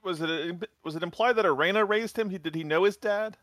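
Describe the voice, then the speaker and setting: An American man co-hosting a casual podcast, tossing in quick playful asides and questions. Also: sits high, fairly bright tone, dry recording, clean studio sound. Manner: fast, playful asides with laughs. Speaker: podcast co-host. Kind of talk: casual chat.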